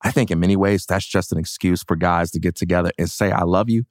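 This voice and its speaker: A man's voice: low voice, little pitch movement, quick pace, no room sound, clean studio sound. A man co-hosting a casual podcast, talking in an earnest, reflective way and often calling his friend "man". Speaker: podcast co-host.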